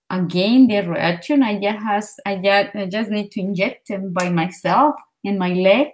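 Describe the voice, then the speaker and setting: A woman's voice: medium pitch, poor audio. Chatty Colombian woman telling a story. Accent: Colombian Spanish. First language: Spanish. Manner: animated storytelling with many fillers. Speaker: language learner. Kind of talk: casual conversation practice.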